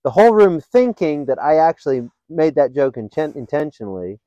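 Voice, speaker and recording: A man hosting a podcast, telling funny stories in a casual, animated way and laughing often. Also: fairly high pitch, fairly quick, dry recording, lo-fi sound. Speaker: podcast host. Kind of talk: casual storytelling chat.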